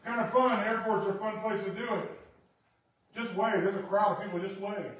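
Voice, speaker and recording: Animated preacher man in an echoey hall. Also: high voice, normal speed, recorded from a distance. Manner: animated, swings from quiet to shouting. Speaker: pastor. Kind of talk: sermon.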